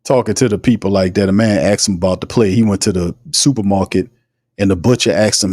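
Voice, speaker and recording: Low-voiced sports podcaster ranting. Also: male voice, steady tone, fast talker, a little mellow, dry recording, clean studio sound. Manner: heated, ranting, repetitive. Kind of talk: casual livestream commentary.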